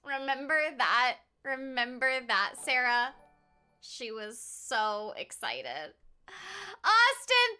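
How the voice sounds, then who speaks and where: Bright, high-voiced tearful young woman streamer. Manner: emotional, tearful, laughing between sentences. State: teary, near crying. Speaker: streamer playing a game. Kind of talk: casual live-stream chat.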